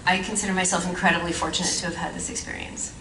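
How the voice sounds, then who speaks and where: A woman's voice: fairly low pitch, flat delivery, very fast, very noisy. A woman, a guest actress on a convention panel, telling stories in a rambling, chatty way with frequent laughs and fillers. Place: large convention hall. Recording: echoey hall, mic at a distance.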